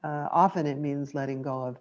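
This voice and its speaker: Low-voiced woman giving a gentle dharma talk. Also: fairly even intonation, brisk, lo-fi sound. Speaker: meditation teacher.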